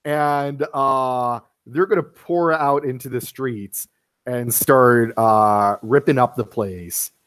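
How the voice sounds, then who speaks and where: A man narrating a tabletop game as game master, halting with many fillers. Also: mid-range voice, a bit bright, smooth.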